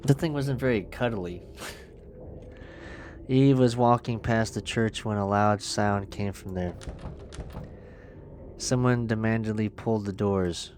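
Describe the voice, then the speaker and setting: A man's voice: lowish voice, steady tone, takes it slowly, pauses often, a little mellow, slight background noise. A man streaming a horror game, reading its text aloud with crude, joking asides. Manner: profane, joking asides between narration. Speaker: gaming streamer.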